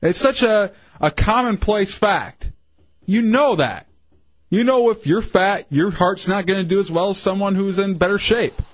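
A man's voice: high-pitched, unhurried, no room sound. A man co-hosting a radio show, wisecracking and sarcastic in casual banter. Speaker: radio co-host. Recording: dull, dry lo-fi radio sound.

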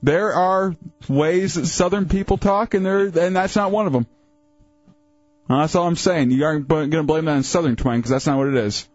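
A man's voice: on the high side, moderate pace, no room sound, dull audio, faint music behind. A man co-hosting a call-in radio show, arguing defensively and insistently. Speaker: radio co-host. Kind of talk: bantering call-in talk.

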